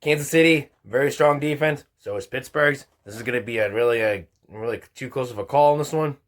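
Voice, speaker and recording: A man hosting his own football picks show, talking through results and picks in an informal, halting way. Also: medium pitch. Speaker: sports picks host. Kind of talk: casual football picks commentary.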